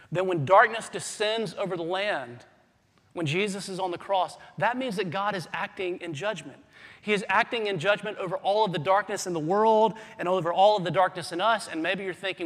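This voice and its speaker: A man preaching a sermon as pastor, swinging between hushed, quiet passages and loud, urgent emphasis. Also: high-pitched. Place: church sanctuary. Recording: long hall reverb.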